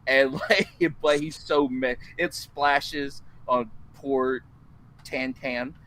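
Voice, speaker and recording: A man's voice: mid-range voice, steady tone, very slow, fairly bright tone, a little hiss or hum, low-quality recording. A man playing a tabletop role-playing game, describing his character's actions casually, swearing and laughing often. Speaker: tabletop player.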